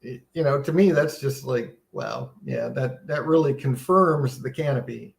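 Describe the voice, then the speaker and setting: A man's voice: mid-range voice, big pitch swings, a little slow, gravelly, roomy sound. A man giving a casual, earnest Bible seminar talk, teaching conversationally with many restarts and a sense of wonder. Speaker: seminar presenter.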